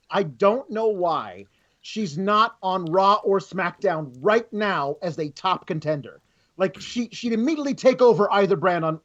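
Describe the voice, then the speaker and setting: High-voiced man on dull lo-fi audio. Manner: chatty, animated, quotes others in quick put-on voices. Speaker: podcast co-host. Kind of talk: casual review chat.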